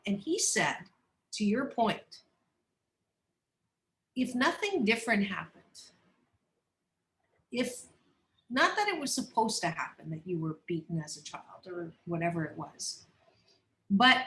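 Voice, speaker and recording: A woman who is a psychologist and coach, a guest on a podcast interview, telling personal stories in a candid, animated, expressive way. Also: mid-range voice, echoey room. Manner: animated, expressive, acts out voices, laughs often.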